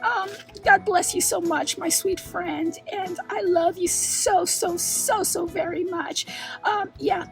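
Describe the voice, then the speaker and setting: A woman's voice: very high voice, fairly even intonation, slow pace, vocal fry, soft background music. A woman hosting a craft channel, chatting through an unboxing, gushing and exclaiming often and wandering off on tangents. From New York. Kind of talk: unboxing vlog chat.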